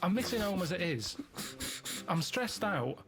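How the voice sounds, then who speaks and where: A man, a radio show regular telling rambling stories in deadpan casual banter. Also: high-pitched, unhurried.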